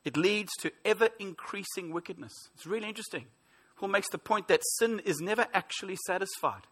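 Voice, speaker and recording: A man's voice: sits high, brisk, fairly bright tone, husky. A man in his forties preaching a sermon, earnest and emphatic, with rhetorical questions. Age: 40s. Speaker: pastor.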